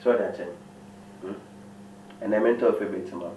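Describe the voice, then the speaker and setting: Stammering man, distant and roomy. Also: on the low side. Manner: stammering, halting. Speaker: comedy skit actor. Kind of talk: comedy skit acting. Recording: roomy, distant, dull, faint background noise.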